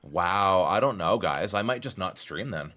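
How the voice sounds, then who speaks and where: A young man streaming a game live, chatting with his viewers and swinging from low muttering to excited exclamations. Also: unhurried, slight background noise.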